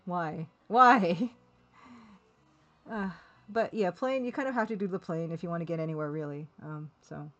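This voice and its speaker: A woman's voice: fairly low pitch, steady tone, fast, darkish tone, highs cut off. Chatty woman streamer, rambling. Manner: chatty, rambling, laughs often, reads chat aloud. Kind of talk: casual live-stream chat.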